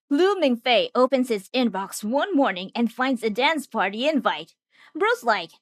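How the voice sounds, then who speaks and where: A woman's voice: on the high side, big pitch swings, unhurried, no echo, clean studio sound. A woman narrating a scripted anime recap with jokey, wisecracking asides.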